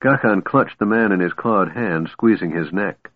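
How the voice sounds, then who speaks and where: A man reading a fantasy audiobook aloud, expressive and shifting voices for each character. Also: low voice, normal speed, no echo. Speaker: audiobook narrator. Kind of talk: scripted narration. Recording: tinny phone-like dry sound.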